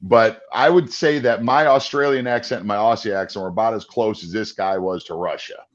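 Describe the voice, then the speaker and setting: A man's voice: fairly low pitch, brisk, muffled recording. A man co-hosting a casual movie discussion, rambling and restarting as he chuckles between points. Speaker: podcast co-host and voice-over performer.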